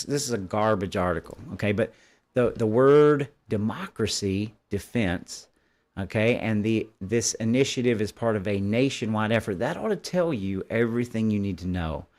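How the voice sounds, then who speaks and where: A man, hosting a live political commentary stream. He reads articles aloud and keeps stopping to pick them apart in a combative, dismissive tone. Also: fairly low pitch. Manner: combative, dismissive, stops to editorialize. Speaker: host.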